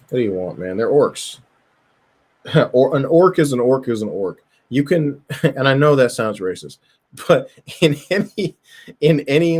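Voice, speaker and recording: Man, lowish voice, casual streamer chat, profane, rambling, laughs a lot. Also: a little mellow. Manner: loose, profane, laughs often, rambling with filler words. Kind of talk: casual chat while browsing a tabletop game.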